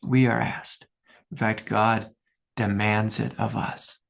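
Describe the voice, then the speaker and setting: A man's voice: on the low side, level tone, slow, vocal fry. A man in his fifties giving a reflective spiritual talk, telling personal stories earnestly with fillers along the way. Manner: earnest, storytelling, many fillers and laughs. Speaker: spiritual teacher.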